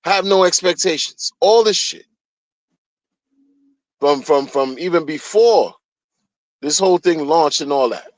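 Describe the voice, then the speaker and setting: A man's voice: on the high side, expressive, a little slow, long pauses, dry recording, poor audio. A man streaming a heated solo rant, agitated and profane, often repeating himself.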